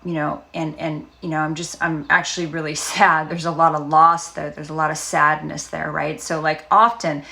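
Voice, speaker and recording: A woman speaking as a trauma recovery coach, talking casually and gently with frequent fillers and pauses. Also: sits low, level tone, creaky. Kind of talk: casual self-help talk.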